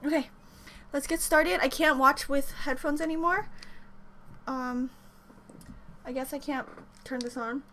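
A woman giving an excited reaction commentary, gushing and squealing with repeated exclamations over faint music. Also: high voice, a little slow, pauses often, a little hiss or hum. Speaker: reaction video creator.

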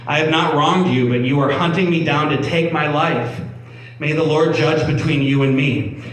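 A male pastor giving a sermon, reading scripture and explaining it conversationally, often restarting and repeating words. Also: mid-range voice. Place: church hall. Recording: echoey room, mic at a distance, faint background hum.

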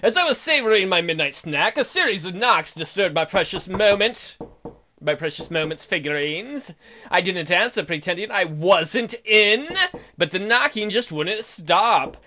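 A woman's voice: fairly low pitch, lively intonation, normal speed, pushed and bright. A woman hosting a game playthrough, reading the story aloud with playful, joking asides. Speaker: let's play host. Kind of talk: reading a visual novel aloud.

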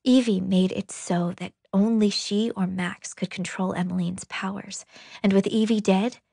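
A woman narrating a novel in an intimate, breathy, half-whispered audiobook reading. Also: medium pitch, steady tone, measured pace, a little mellow, no room sound, clean studio sound.

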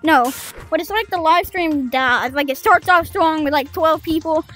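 A woman's voice: high voice, moderate pace, fairly bright tone, faint music behind. A woman streaming a game and chatting casually, playful and teasing with other players over a headset mic. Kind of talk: casual gameplay livestream chat.

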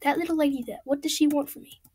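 Excitable high-voiced young woman gaming. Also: fast talker. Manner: excitable, swears freely, chatty and rambling. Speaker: gamer. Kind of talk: casual gameplay commentary. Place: home room at a computer.

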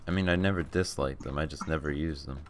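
A man's voice: extremely low pitch, fast, background noise. A young man streaming a game, bantering and laughing casually with a friend. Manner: joking, laughing often. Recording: keyboard clicks behind voice.

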